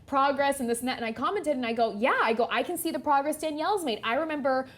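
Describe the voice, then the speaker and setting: A woman co-hosting a podcast in casual chat, telling animated stories and acting out what people said. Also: high-pitched, quick pace. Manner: animated storyteller, acts out quotes. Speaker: podcast co-host.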